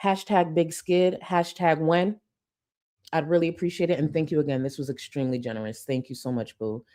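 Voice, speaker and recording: Her voice sits low and mellow with a steady tone, and she talks briskly. A live streamer from Houston, Texas, she casually reads super chats, thanks viewers playfully, laughs frequently, and uses slang.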